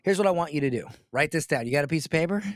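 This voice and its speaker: A man from Florida coaches a client on a casual call. He talks in a blunt pep-talk style and keeps asking rhetorical questions. His voice sits high for a man and sounds dry and close. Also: lively intonation, rapid-fire, no room sound.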